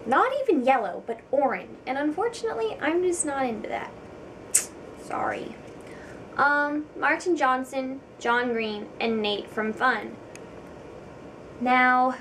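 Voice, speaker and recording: A woman's voice: sits high, expressive, moderate pace, fairly bright tone, recorded from a distance, slight background noise, low-quality recording. A young woman vlogger chatting casually to camera, giggly and self-deprecating, with frequent ums.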